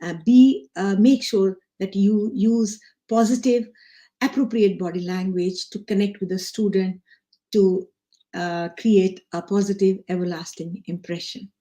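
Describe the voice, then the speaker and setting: A woman's voice: medium pitch, steady tone, a little slow, mellow. A woman from India giving an earnest live online talk to teachers as a guest trainer, repeating her key lines. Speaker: education trainer, guest speaker.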